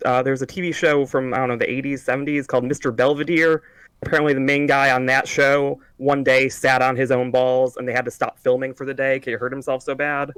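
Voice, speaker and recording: A man on a podcast, explaining in a halting, stammering way. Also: mid-range voice, little pitch movement, a bit bright, clean tone, no room sound, low-quality recording. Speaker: podcast co-host. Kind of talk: casual podcast chat.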